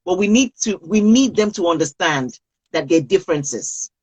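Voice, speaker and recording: A woman's voice: medium pitch, moderate pace, slightly rough, poor audio. A woman coaching parents on a live video call, speaking earnestly and repeating key phrases for emphasis.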